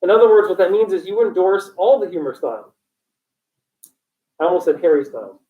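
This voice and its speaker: This male instructor has a high, expressive voice and talks fairly quickly during a college lecture, cracking jokes, wandering onto tangents and quizzing the class. The recording is echoey, from a distant, dull mic.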